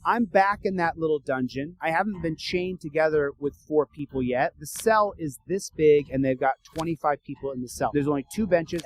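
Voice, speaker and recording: A man telling a story in a casual, animated way, acting out the dialogue. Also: a little high, low-quality recording. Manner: animated, acts out dialogue with rising urgency.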